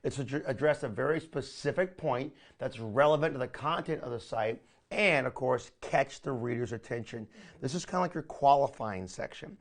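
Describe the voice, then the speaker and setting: A man leading a recorded training session, talking in an energetic, coaching way and often calling listeners "my friend". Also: medium pitch, moderate pace, hardly any pauses. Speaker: online marketing trainer.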